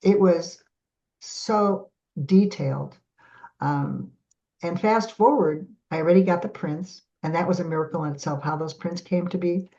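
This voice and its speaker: A middle-aged woman guest on a podcast, telling stories in a lively way and acting out the voices of the people in them. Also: fairly low pitch, a little slow. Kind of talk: animated storytelling in a podcast interview. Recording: dull lo-fi audio.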